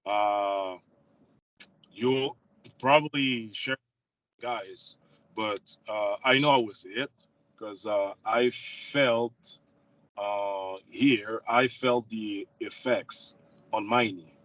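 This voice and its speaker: A man in a casual call chat, halting and trailing off quietly with many fillers. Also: fairly low pitch, low-quality recording.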